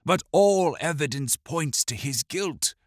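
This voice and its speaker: A man voicing a stern elven steward, speaking with grave, measured authority in an audiobook. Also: fairly high pitch, expressive, no room sound, studio quality, pitched above the performer's own voice.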